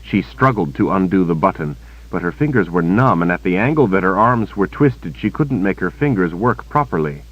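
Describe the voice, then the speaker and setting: Deep-voiced male audiobook narrator. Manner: steady, measured reading. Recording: dull lo-fi cassette recording.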